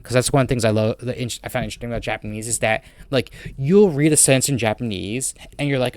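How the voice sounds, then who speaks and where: Fast-talking man with a heavy accent. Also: mid-range voice, no echo. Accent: heavy non-native accent. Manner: rambling, fast talker with many fillers and restarts. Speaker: podcast host. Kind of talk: casual chat.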